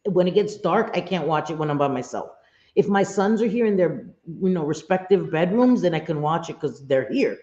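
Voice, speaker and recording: A woman's voice: lowish voice, animated, fairly quick, mellow. A middle-aged woman hosting a casual livestream chat, talking freely, swearing and chuckling as she answers her viewers at home. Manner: chatty, swearing, laughing often, reads chat aloud. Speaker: livestream host. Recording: roomy, dull lo-fi stream audio.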